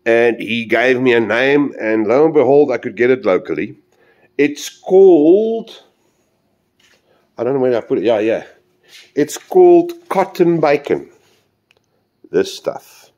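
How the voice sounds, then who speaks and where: A man's voice: mid-range voice, big pitch swings, unhurried, pauses often, a little mellow, dull audio. A man chatting casually as he shows off a hobby project, rambling and talking straight to his viewers. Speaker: model railway hobbyist.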